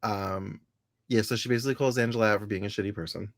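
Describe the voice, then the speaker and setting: A man's voice: fairly low pitch, quick pace, dry recording, studio quality. A man co-hosting a podcast in a casual recap chat, retelling scenes and acting out the quotes. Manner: animated storyteller, acts out quotes. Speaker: podcast co-host.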